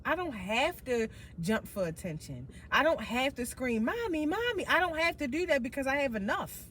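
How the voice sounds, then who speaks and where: A woman hosting a casual podcast chat, blunt and profane, with animated storytelling. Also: high-pitched, normal speed, slight background noise. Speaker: podcast host.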